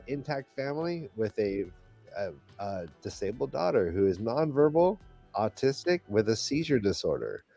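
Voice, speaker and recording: A middle-aged man co-hosting a podcast, speaking in halting, heartfelt restarts while holding back tears. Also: medium pitch, warm tone. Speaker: podcast co-host. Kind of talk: casual panel chat.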